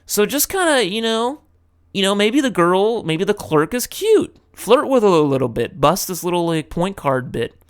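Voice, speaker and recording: A man's voice: high-pitched, big pitch swings, normal speed, smooth. A young man hosting a comedy podcast, talking casually in a loose, rambling way with many fillers. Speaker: podcast host.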